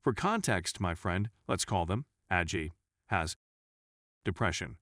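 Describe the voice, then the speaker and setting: A man's voice: deep voice, lively intonation, unhurried, a bit bright, no room sound, studio quality. A man reading online stories aloud as scripted narration, voicing each dialogue tag as a letter. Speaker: story narrator.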